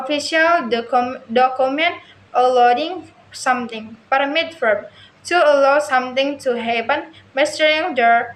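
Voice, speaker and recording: Slow high-voiced woman reading a lesson. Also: fairly bright tone. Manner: slow careful reading with frequent stumbles and restarts. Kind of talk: reading a lesson text aloud. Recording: echoey room with faint ambient noise.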